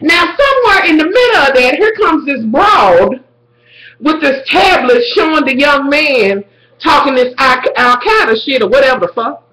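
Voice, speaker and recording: A woman recapping a TV drama episode in a casual video, animated and full of swearing as she talks straight to her viewers. Her voice is bright and a little sharp. The room is echoey around her. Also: high voice, normal speed.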